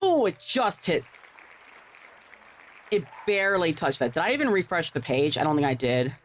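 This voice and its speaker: A woman's voice: lowish voice, sing-song, normal speed, some chatter behind. A woman livestreaming, chatting casually and rambling with offhand swearing while setting up a game. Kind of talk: casual live-stream chat while gaming.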